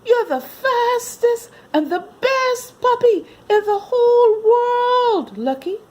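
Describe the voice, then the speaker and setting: A woman doing a shrill, excited little boy. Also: slow pace, heavily acted. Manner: shrill and exclaiming. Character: excited cheerful young boy.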